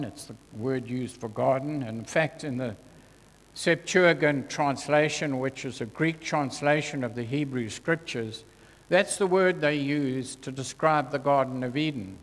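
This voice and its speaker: A man preaching a sermon in a church, earnest and deliberate, his voice dropping soft when he quotes scripture. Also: medium pitch. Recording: long hall reverb.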